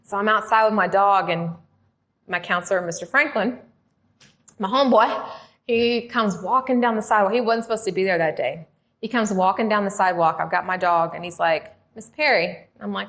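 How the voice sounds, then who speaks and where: A middle-aged woman recounts her past as a guest on a talk show. She tells it in a conversational, animated way, putting on the voices of the people she quotes. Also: mid-range voice, moderate pace. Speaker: interview guest, former prisoner. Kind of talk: conversational storytelling.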